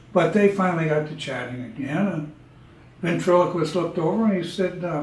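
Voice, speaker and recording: A man, telling folksy jokes in a relaxed, drawling way. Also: on the high side, normal speed, far from the mic. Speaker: storyteller. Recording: echoey room, speaker away from mic.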